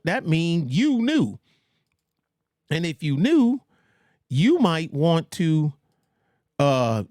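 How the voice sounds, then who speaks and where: A man's voice: on the high side, no room sound, studio quality. A man hosting a casual livestream, rambling with blunt, trash-talking asides. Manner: mocks others in put-on voices. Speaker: livestream host.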